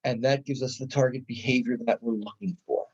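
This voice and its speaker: A middle-aged male lecturer talks through psychology in a loose, conversational way, stopping to restart sentences and act out examples. His voice is dark and mellow, and the recording sounds dull and lo-fi. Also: medium pitch, steady tone, brisk, slightly rough. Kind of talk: classroom lecture.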